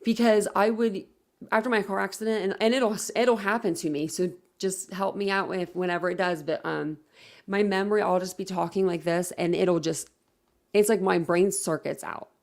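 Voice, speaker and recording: A woman hosting a casual livestream, chatting loosely with her viewers. She rambles, corrects herself and leans on fillers as she reads comments aloud. Her voice sits at a middling pitch with a gravelly, fry-heavy edge. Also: steady tone, normal speed. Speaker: livestream host. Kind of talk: casual live-stream chat, reading viewer comments.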